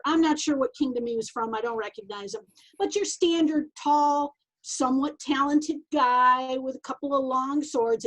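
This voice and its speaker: A woman co-hosting a casual chat, telling a story in a measured way with playful acted-out asides. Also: high-pitched, poor audio. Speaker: podcast co-host.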